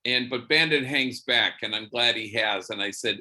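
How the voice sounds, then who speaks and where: A man, a priest, telling a story in a church lecture, animated and sprinkled with Spanish slang words. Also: mid-range voice, normal speed.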